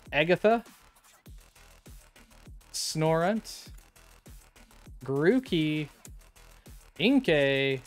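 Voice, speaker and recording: A man streaming live, opening card packs and chatting casually with his viewers. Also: fairly high pitch. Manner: chatty, reads card names aloud, talks to chat.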